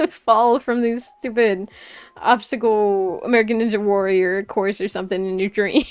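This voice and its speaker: A woman streamer telling a story in casual chat, animated, laughing often and full of fillers. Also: mid-range voice, smooth.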